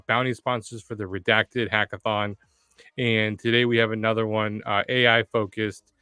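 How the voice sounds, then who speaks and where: An energetic man hosts a live online developer workshop, his voice bright and sharply clear. He talks with plenty of "uh" fillers. The sound is close and dry, with no room in it. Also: on the low side, no echo. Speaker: livestream workshop host. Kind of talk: upbeat live stream hosting.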